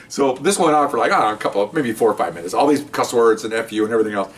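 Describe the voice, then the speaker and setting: A man's voice: medium pitch, lively intonation, very fast. Brief: older man, veteran cop, casual profane anecdote, mid-range voice, distant from the mic. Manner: rambling, profane, acts out the voices in his story. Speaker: retired police officer storyteller.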